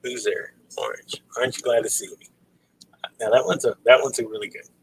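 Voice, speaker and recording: A man's voice: medium pitch, steady tone, brisk, vocal fry, husky, poor audio. A man hosting a casual livestream, reading out dad jokes and cracking himself up with laughter. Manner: giggly, breaks into laughter at own jokes. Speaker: livestream host.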